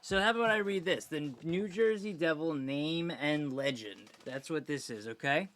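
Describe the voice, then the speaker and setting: A man's voice: on the high side, moderate pace, fairly bright tone. A man hosting a fan show, casually reading an old program aloud and breaking in with joking asides.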